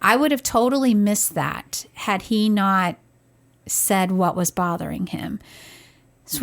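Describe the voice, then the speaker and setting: A middle-aged woman co-hosting a podcast, telling a story in an animated way and acting out what others said. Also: medium pitch. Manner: animated, acts out quoted voices. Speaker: podcast co-host, parent. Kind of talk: casual conversational storytelling.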